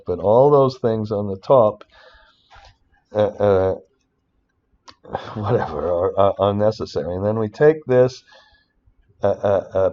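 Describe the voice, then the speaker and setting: A man teaching a spreadsheet finance model in a screen-recorded tutorial, rambling with many restarts and breaking into excited rants. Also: on the low side, dull audio. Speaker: finance instructor.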